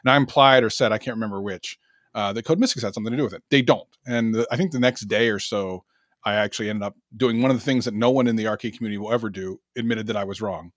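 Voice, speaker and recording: A man's voice: on the low side, fast, no room sound. A man co-hosting a casual podcast, talking in a chatty, rambling way with many fillers. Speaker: podcast co-host, arcade content creator.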